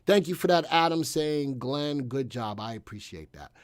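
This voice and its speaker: A middle-aged man runs a casual live stock stream in a relaxed, chatty way, walking through charts and answering viewers in the chat. His voice sits at an ordinary middle pitch. It sounds dry and close, with no room echo. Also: moderate pace. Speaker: stock market analyst host.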